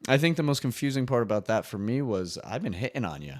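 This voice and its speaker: A man's voice: medium pitch, animated, fast, gravelly, few pauses, a little mellow, no echo. A young man hosting his own podcast, rambling casually in a solo monologue, swearing freely and laughing at his own jokes. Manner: rambling, profane, laughs often. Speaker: podcast host.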